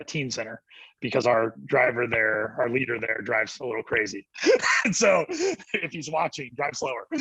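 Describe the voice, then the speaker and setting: A middle-aged youth ministry director, a guest on a church podcast, tells his story with lively energy, acting out quotes and laughing quickly. His voice is bright, forceful, husky-edged and on the high side. The low-quality recording is close and dry, with no room sound.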